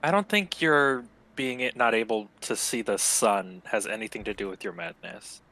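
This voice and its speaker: A man's voice: medium pitch, animated, normal speed, sharp tone, slight background noise, poor audio. A man playing a tabletop game, making dry, wry remarks. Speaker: player.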